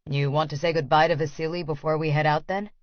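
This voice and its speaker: A man's voice: fairly high pitch, little pitch movement, fast talker, dry recording, voice pushed down, natural voice. A woman voicing a sarcastic, teasing older brother with a dry, joking drawl, in an audiobook. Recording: dry, slightly dull studio audio.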